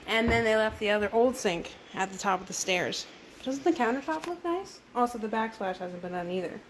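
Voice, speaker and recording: A woman's voice: fairly high pitch, lively intonation, fairly quick, slight background noise. A woman chatting through a casual home update vlog, rambling and a bit exasperated. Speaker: vlogger.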